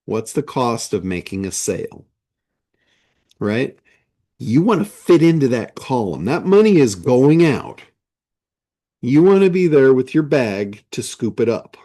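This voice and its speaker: Slow, emphatic male business coach. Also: medium pitch, sing-song, mellow. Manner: slow, emphatic, with rhetorical questions. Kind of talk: motivational monologue.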